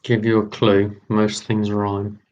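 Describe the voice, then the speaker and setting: A man's voice: fairly low pitch, completely flat delivery, takes it slowly, darkish tone, dull audio. A man hosting a live online quiz, chatty and repeating his lines. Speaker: quiz host.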